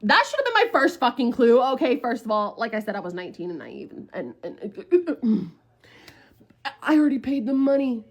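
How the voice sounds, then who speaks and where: A young woman in her early twenties tells a personal story straight to camera, slangy and full of swearing. Her voice sits a little high and swings widely in pitch as she acts out what everyone said. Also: very animated, moderate pace. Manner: blunt, profane, dramatic retelling with quoted voices. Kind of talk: casual storytime monologue.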